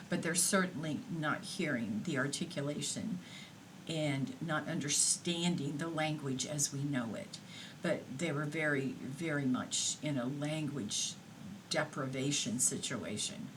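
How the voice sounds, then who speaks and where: A woman giving a recorded lecture in an unhurried, explanatory way, pausing on fillers now and then. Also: low-pitched, background noise.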